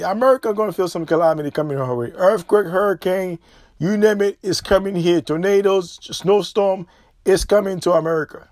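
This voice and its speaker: Man, high voice, dry close sound; podcast host preaching warnings with insistent repetition. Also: a little mellow, no echo. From Haiti.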